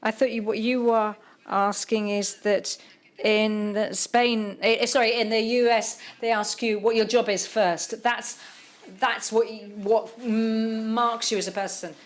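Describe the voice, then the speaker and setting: A woman's voice: on the high side, steady tone, a little slow. Woman novelist, panel guest; thoughtful, word-searching delivery. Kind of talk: public literary conversation.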